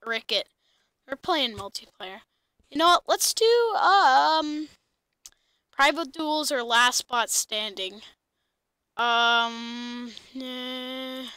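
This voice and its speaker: A woman's voice: sits high, lively intonation, very slow, pauses often, bright, forceful tone, smooth, no echo. A woman with a lisp, hosting a goofy, chatty let's-play of a video game. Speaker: gaming channel host.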